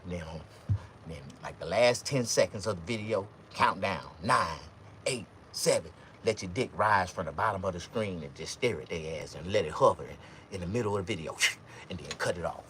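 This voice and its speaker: A man doing a stand-up comedy monologue, jumping his voice high when quoting women. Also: a little fast, a little hiss or hum. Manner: animated, swings pitch high for quoted women.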